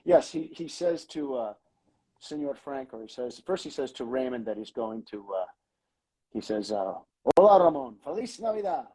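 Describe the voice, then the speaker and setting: A man, a comedy writer, telling behind-the-scenes stories in a lively way, acting out lines as he goes. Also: mid-range voice, normal speed, slightly rough, rough recording. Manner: animated, acts out lines in quoted voices. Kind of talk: anecdotal storytelling.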